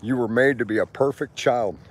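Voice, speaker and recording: A man's voice: medium pitch, brisk. A man in his sixties streaming live from an outdoor park, rambling and preaching to his viewers with plenty of swearing. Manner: preachy, profane, talks to viewers and passers-by. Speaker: livestreamer.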